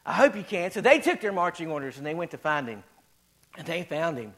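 A man's voice: a little high, very animated, fairly quick, a bit bright. A male pastor preaching a sermon in a folksy way, repeating phrases as his voice swells and drops.

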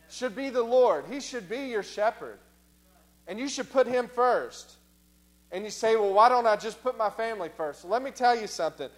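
A man preaching in a high voice, repeating his points and slowing down for emphasis. He answers imagined objections from his listeners. Faint music plays underneath. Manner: repeats phrases for emphasis, slows on key lines. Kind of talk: sermon.

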